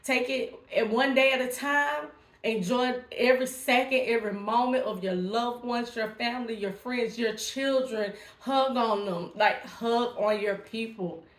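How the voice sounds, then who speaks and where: A woman's voice: on the high side, unhurried. Encouraging woman vlogger in a roomy space. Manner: encouraging, chatty, emphatic. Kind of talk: casual direct-to-camera talk.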